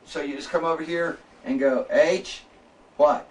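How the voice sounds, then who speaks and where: A man with a fairly high voice teaching a class, heard from a distance through a single room mic. He walks students through each sound step by step, pausing often to ask if they follow. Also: steady tone. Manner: spells out sounds slowly, checks in with "okay?". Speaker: lecturer. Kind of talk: classroom lecture. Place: lecture classroom.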